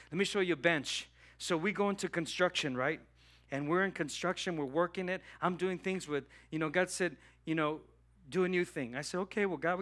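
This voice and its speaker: A man preaches a sermon in a church, a pastor telling his own story. His voice sits a little high and sounds bright and forceful. He acts out the dialogue with God with lively energy. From Southern California. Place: church hall.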